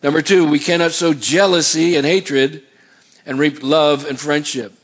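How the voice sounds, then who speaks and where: A man's voice: a little high, little pitch movement, measured pace, slightly rough. A man preaching a sermon as pastor, emphatic, asking the congregation to answer back. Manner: preaching with call-and-response questions; emphatic, rising on exhortations.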